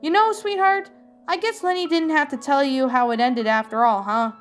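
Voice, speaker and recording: A bossy, motherly eldest teen sister from a cartoon storybook, put on by a woman with a higher voice. her talk is firm and protective, a little brighter than the narration. faint music sits underneath. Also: normal speed, natural voice. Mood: stern. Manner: stern, motherly. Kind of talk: storybook reading.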